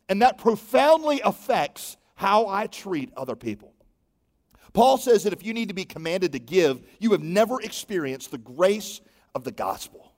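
A man in his thirties preaching a sermon, telling stories with lively acted-out dialogue. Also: high voice, moderate pace. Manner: animated storytelling with acted-out dialogue. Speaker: pastor. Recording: long hall reverb.

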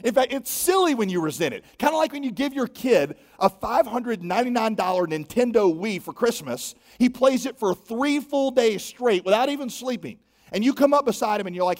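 A high-pitched man delivers a sermon with animated storytelling, acting out little dialogues as he goes. His voice rings with the long reverb of a large church hall. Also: a little fast. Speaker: pastor.

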